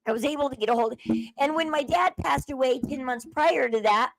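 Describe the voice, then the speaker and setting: Woman host, high voice, chatty and rambling, dry close sound. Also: fairly quick, no room sound. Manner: chatty and rambling, acts out quoted people. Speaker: commentary channel host. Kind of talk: casual commentary while browsing on screen.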